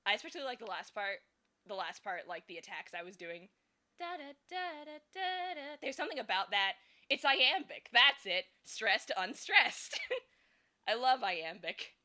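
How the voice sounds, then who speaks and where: A woman's voice: medium pitch, animated, moderate pace, pushed and bright. A young woman chatting casually and thinking aloud while she draws, giggling often between fillers. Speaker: streamer and fan artist. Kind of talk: casual chat while drawing.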